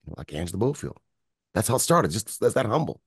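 A man from Michigan telling his story as an interview guest, and his low voice has a gravelly, husky grain. He acts out the people he quotes with a lively, rising and falling pitch. The recording is close and dry. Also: fast, no room sound. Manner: animated storyteller acting out quotes. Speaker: guest, music producer.

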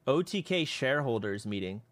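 A man's voice: medium pitch, sing-song, brisk, fairly bright tone. Brash trash-talking male streamer. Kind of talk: casual gaming stream chat.

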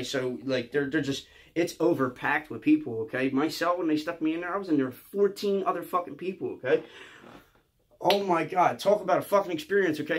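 A man, telling a rambling, profane storytime monologue and ending lines with a quick "okay?". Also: a little high. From Philadelphia area. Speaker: comedian.

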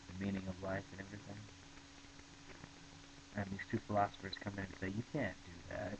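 A man giving casual book commentary into his webcam, chatty and reading aloud from the novel. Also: deep voice. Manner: chatty, reads aloud and laughs at passages. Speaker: book vlogger. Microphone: built-in webcam mic. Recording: dull noisy webcam audio.

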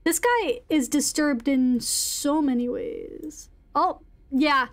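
A woman's voice: sits high, slow pace. A young woman streamer giving live gaming commentary, giggly and reactive, swearing and exclaiming often.

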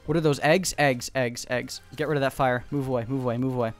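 A man giving fast, excitable gameplay commentary from home, repeating short calls in quick bursts. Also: mid-range voice, faint music behind. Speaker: gaming YouTuber. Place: home room.

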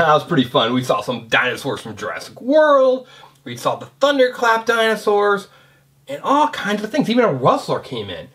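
Animated man reviewing toys for kids. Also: on the high side, noisy background. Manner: animated, chatty, asks the viewer questions. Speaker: toy reviewer. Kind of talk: kids' toy review narration.

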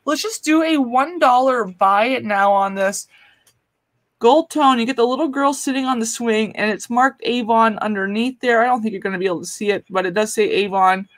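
A woman's voice: fairly high pitch, moderate pace. A woman hosting a live jewelry auction stream, chatting casually, greeting viewers and laughing often.

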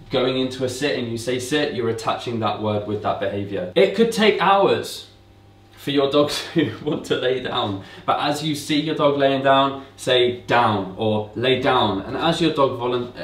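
A man's voice: mid-range voice, far from the mic. Man explaining dog training in a roomy echo. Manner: relaxed, explanatory, repeats commands to mimic owners. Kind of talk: casual instructional talk. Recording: roomy echo, speaker away from mic.

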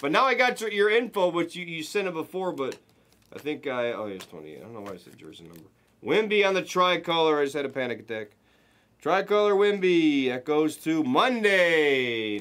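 A man hosting a live card break, giving excited running commentary as he opens packs and chats with viewers. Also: on the high side, a little hiss or hum.

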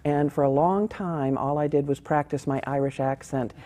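A woman actor answering interview questions in a friendly, measured way. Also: deep voice, fairly even intonation, dark tone. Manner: friendly, measured, chuckles at herself. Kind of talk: casual interview.

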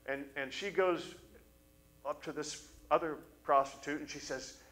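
A male pastor preaching a sermon, telling a story in an animated way and briefly acting out the voices of the people in it. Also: fairly high pitch, measured pace, rough recording. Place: church service.

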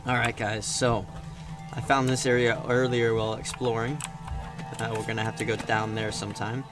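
A man's voice: mid-range voice, flat delivery, moderate pace, over music. A man casually commenting as he plays a stealth game, chatty and wisecracking, swearing whenever a plan goes wrong. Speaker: gaming YouTuber. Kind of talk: casual let's-play commentary. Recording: noticeable background noise.

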